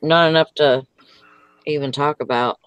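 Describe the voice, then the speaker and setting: A woman's voice: deep voice, fairly even intonation, normal speed, clean tone, dry recording, lo-fi sound. A woman hosting a casual livestream, chatting in a rambling, easygoing way with plenty of fillers. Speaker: livestream host. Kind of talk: casual chat.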